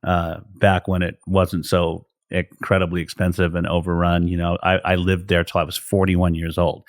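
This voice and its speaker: A middle-aged man from California with a low-pitched voice, talking as a pastor in a relaxed podcast chat. He explains scripture earnestly and often stops and restarts his sentences as he thinks aloud. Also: moderate pace. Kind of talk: casual faith podcast conversation.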